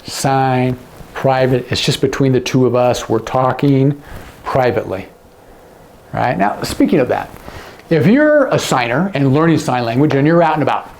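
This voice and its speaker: Gravelly male sign language teacher. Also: mid-range voice, slight background noise. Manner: demonstrative, drops to a hush on example words. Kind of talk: explaining lesson to camera.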